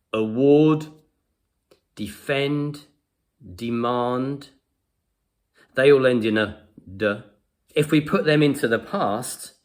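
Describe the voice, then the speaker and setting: A man teaching English pronunciation in a patient lesson, saying example sounds slowly and repeating them. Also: medium pitch. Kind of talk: slow explanatory lesson to camera.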